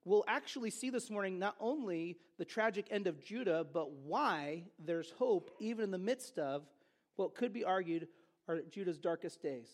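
A man's voice: sits high, animated, normal speed. A man preaching a sermon as pastor, with conversational storytelling and joking asides. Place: church service.

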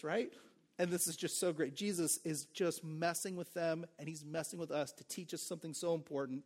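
A man's voice: high voice, lively intonation, moderate pace. A man preaching a sermon as pastor, in a casual, conversational way with joking asides, "like" and "right?".

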